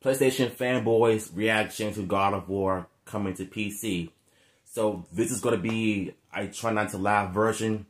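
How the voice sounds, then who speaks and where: A man hosting a casual reaction video, talking loudly in laid-back slang. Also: lowish voice, steady tone, a little slow.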